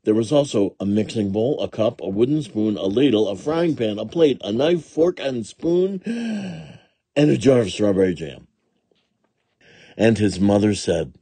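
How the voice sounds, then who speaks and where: A man reading a children's storybook aloud in a slow, gentle and expressive way, with a husky voice. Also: on the low side, no echo. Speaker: storybook reader.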